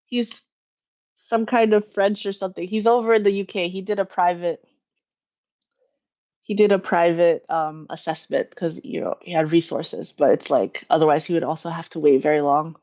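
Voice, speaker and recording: A woman's voice: on the low side, fairly even intonation, moderate pace, dark tone, lo-fi sound. Rambling woman chatting on a livestream. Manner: rambling, self-correcting, chatty with frequent laughs. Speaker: livestream host. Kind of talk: casual live Q&A chat. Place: at home.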